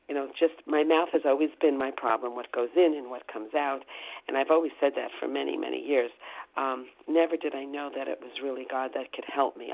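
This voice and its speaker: Gravelly middle-aged woman on a phone line. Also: extremely low pitch. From New Jersey. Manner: halting, many ums and restarts. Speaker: meeting member sharing. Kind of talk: recovery meeting share.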